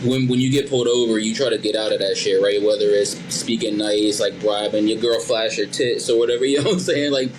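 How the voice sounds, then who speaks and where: A lower-voiced man gives his opinions straight, in loose slang, as a podcast co-host. Steady background noise sits under his voice. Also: fairly quick, few pauses. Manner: blunt, slangy, says "bro" and "you know what I'm saying". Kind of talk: casual chat.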